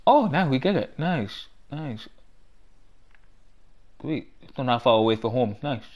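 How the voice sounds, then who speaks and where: A man giving gameplay walkthrough commentary in a mid-pitched voice, chatty and talking half to himself. His English is loose and halting, and he bursts into excitement as things go his way. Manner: loose, halting non-native English phrasing. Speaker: gaming channel host.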